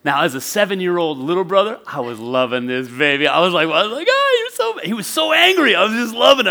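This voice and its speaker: A man in his forties preaching a sermon as pastor, telling a childhood story in a lively way and laughing often. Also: a little high, vocal fry. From northwestern Pennsylvania.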